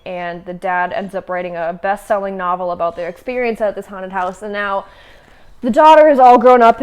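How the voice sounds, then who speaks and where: A young woman casually chatting about books she has read, with many fillers and restarts. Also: mid-range voice. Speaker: book vlogger. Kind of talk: casual chat.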